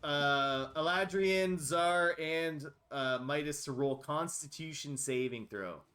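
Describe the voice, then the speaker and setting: Man, game master, tabletop narration, slightly high pitch, relaxed. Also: takes it slowly. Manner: relaxed, apologetic, laughs off mistakes.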